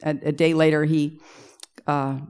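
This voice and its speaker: Her voice sits low and clean, with a darkish tone, little pitch movement and a slightly slow pace. In a luncheon event room, this middle-aged composer and arranger spins rambling stories for a Q&A, frequently self-correcting and laughing through side remarks.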